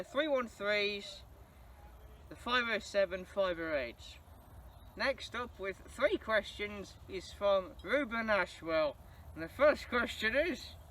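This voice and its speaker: A young man from England, casually answering viewer questions as a channel host, enthusiastic and quick to laugh. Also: extremely high pitch, fairly bright tone. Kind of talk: casual Q&A monologue. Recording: distant mic, faint background noise.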